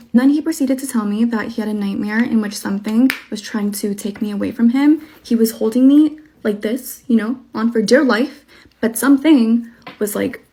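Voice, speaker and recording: A woman's voice: on the high side, dark tone. A woman telling a personal story in a chatty, slangy, casual way.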